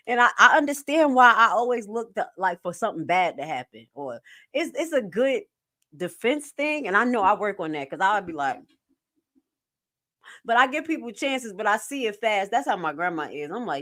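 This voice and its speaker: A woman hosting a casual live stream, blunt and jokey, swearing freely and jumping suddenly in pitch and loudness. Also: sing-song, normal speed.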